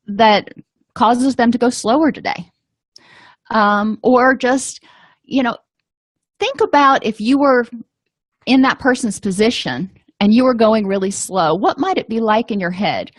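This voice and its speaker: A middle-aged woman calmly explaining anger management tips in a casual talk, with frequent pauses and fillers. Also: medium pitch, no echo, studio quality. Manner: calm, explanatory, with frequent ums and you-knows. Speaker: vlogger giving advice.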